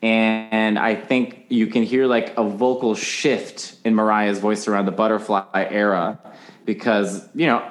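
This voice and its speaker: A man's voice: on the low side, flat delivery, measured pace. A man as a podcast guest in casual chat, animatedly explaining singing technique and breaking into sung examples.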